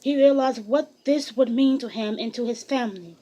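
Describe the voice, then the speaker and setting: A woman narrates a biography in a steady, even storytelling voice. Her pitch sits somewhat high, and she occasionally restarts a phrase. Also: normal speed, poor audio. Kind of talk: audiobook reading of a biography.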